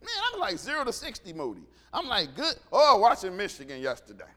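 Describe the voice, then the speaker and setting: A middle-aged man preaching a sermon, animated, swinging from quiet asides to shouts and acting out dialogue. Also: high-pitched, fairly quick. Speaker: pastor.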